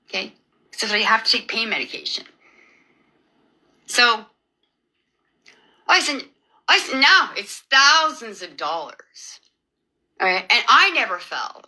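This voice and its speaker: Sharp, animated woman ranting sarcastically. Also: fairly high pitch, measured pace, pauses often, low-quality recording. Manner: agitated, sarcastic, rambling with many restarts. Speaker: video creator. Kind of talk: emotional personal rant to camera.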